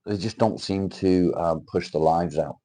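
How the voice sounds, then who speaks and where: Reading comments aloud on a casual livestream, a Cheshire man with a mixed northern English and South Welsh accent swears freely and greets viewers by name. His voice is low-pitched and warm, and he takes his time.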